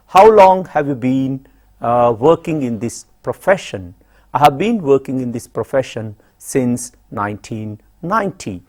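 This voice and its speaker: A middle-aged man with an Indian English accent teaching a classroom grammar lesson, slowly and deliberately repeating example questions and answers. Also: medium pitch.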